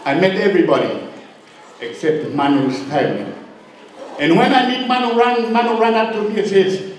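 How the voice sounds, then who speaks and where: A middle-aged man from Tonga, an uncle giving a humorous storytelling speech at a birthday party, teasing and joking with sudden high swoops in pitch. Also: animated, moderate pace, slight background noise. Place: party hall. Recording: very echoey hall, distant mic.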